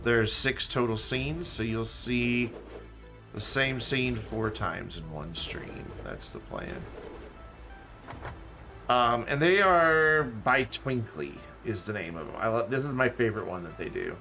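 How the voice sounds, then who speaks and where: A man's voice: medium pitch, expressive, takes it slowly, sharp tone, faint music behind. A man streaming a game live, chatting loosely and reading chat aloud. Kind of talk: casual live-stream chat while gaming. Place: home room with background music. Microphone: desk mic and webcam.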